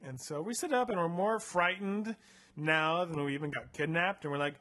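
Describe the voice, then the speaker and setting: A man with a fairly high voice hosts a casual podcast and retells a story. He rambles, laughs at his own slip-ups and leans on fillers. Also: normal speed, bright, forceful tone. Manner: rambling, self-deprecating, lots of fillers. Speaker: podcast co-host.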